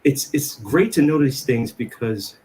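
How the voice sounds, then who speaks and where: A man on a discussion panel, talking casually and haltingly, often restarting and repeating words. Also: mid-range voice, lively intonation, dark tone, breathy edge. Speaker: panelist on Cherokee language.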